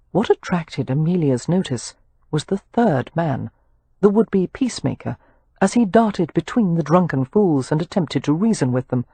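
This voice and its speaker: A woman narrating an audiobook in an expressive storytelling manner. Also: deep voice, husky, no echo.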